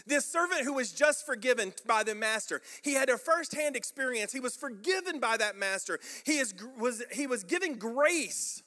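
High, bright-voiced male preacher. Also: animated, normal speed, hardly any pauses. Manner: emphatic, rhetorical, repeats phrases for effect. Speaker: pastor. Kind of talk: sermon.

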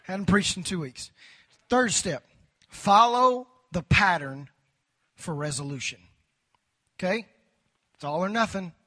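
A man's voice: sits high, slow, pauses often, bright, forceful tone. A man preaching a sermon to a large congregation, prompting the crowd to respond, his voice tiring from preaching. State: voice tiring, near hoarse. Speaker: pastor. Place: church sanctuary before a large crowd.

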